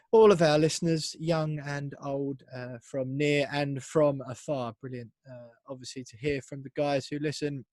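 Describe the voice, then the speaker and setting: A man's voice: a little high, a little mellow, dry recording. A man hosting a casual podcast, upbeat and jokey as he presents. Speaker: podcast host.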